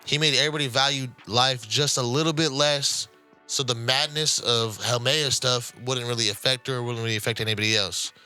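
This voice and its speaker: A man co-hosting a podcast, retelling anime episodes in animated, casual chat with plenty of swearing. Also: medium pitch, brisk, clean tone, faint music behind. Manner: animated storytelling, heavy swearing. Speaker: podcast co-host.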